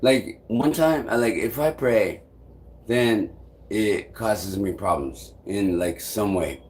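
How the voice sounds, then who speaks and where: A young man with a lowish, slightly mellow voice rambles on a live stream. His talk is halting and loose, packed with fillers and frequent swearing.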